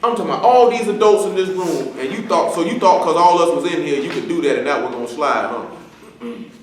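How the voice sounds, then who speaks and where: A man's voice: fairly high pitch, animated, fast talker. A man preaching and scolding a young man in front of the congregation, talking in a stern, slangy, conversational way. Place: church assembly room. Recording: far from the mic in an echoey hall with faint noise.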